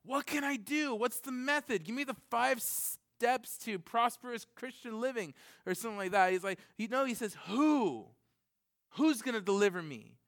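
At a moderate pace with few pauses, a man in his thirties preaches energetically, jumping from loud excited questioning to soft, low scripture passages and breaking into frequent laughter.

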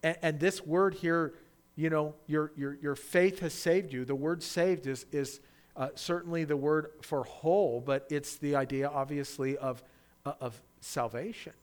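A man preaching a sermon, reading scripture and then expounding on it, swinging from loud, animated cries in the quoted voices to quiet, intimate asides. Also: fairly high pitch, a little slow. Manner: acts out quoted voices loudly.

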